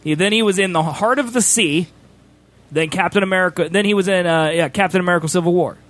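A man with a high voice hosts a stream, chatting casually at a quick pace. He's animated and teasing toward his friend, often talking over him.

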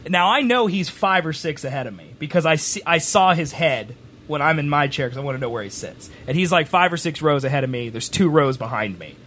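A man telling a rambling story on a stream, animated, sometimes rising to a shout. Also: a little high, fairly quick, a little hiss or hum. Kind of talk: casual storytelling chat.

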